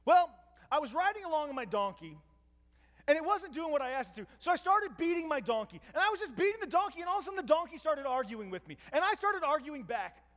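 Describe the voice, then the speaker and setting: A man voicing a flustered ancient seer, rushing through an exasperated explanation of himself. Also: very high voice, very animated, a bit bright, pitched above the performer's own voice, heavily acted. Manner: rushed, exasperated retelling. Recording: long hall reverb.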